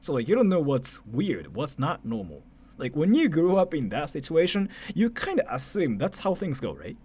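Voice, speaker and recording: With a slightly high, breathy-edged voice at a moderate pace, a man in his 30s from Japan chats on a livestream in Japanese-accented speech. He's lively, laughing frequently and swearing in between filler words.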